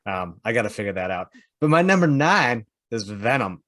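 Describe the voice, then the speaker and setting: A man's voice: on the low side, very animated, moderate pace, fairly bright tone, dry recording. A man co-hosting a podcast, rambling through his points and teasing the others. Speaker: podcast co-host. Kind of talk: casual podcast chat.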